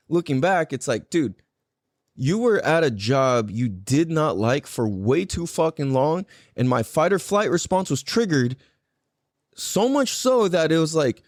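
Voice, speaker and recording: Podcast host dude rambling and cussing constantly, kinda high voice, dry close sound. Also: male voice, no echo. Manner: rambling and heavily profane, full of "like" fillers. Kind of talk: casual chat.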